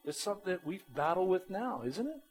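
An animated male pastor preaching a sermon, his slightly high voice rising and falling in lively swings. He speaks emphatically and plainly, with faint music underneath. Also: a little fast, poor audio.

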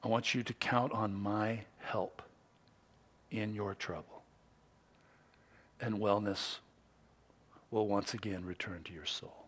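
A man preaching a sermon as pastor, swinging from hushed, quiet stretches to loud, excited ones. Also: on the low side, takes it slowly, pauses often. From United States.

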